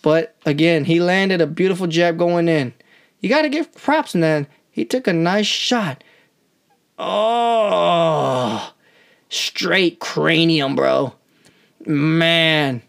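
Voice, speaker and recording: A woman giving amateur live reaction commentary on a boxing match, excitable and slangy, often talking straight to the fighters. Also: on the low side, takes it slowly, vocal fry. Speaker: channel host, amateur commentator.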